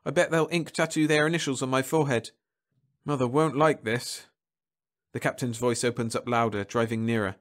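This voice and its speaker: A man's voice: mid-range voice, fairly even intonation, normal speed, fairly bright tone. A man narrating a science fiction story aloud in a dramatic, emotive first-person reading.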